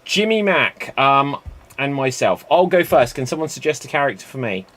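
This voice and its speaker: A man's voice: mid-range voice, very animated, moderate pace, a bit bright. A man hosting a live-streamed improv show, chatty and rambling between games.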